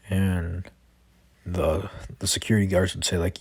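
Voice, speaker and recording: A man's voice: low voice, flat delivery, measured pace, breathy edge, no echo. A man improvising a fan-fiction story, rambling and hesitant, full of fillers and restarts.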